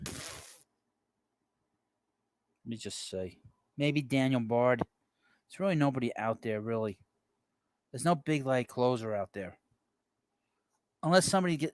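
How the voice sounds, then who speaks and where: This sports talk host has a medium-pitched voice with no echo. He chats casually about baseball on a live stream, meandering as he reads out what viewers send and reacts on the fly.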